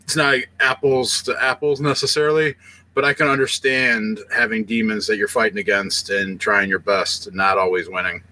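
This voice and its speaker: A man with a bright, forceful voice co-hosts a casual podcast. He tells his stories bluntly and swears freely. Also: on the low side, fairly even intonation, normal speed. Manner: blunt, profane storyteller. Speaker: podcast co-host.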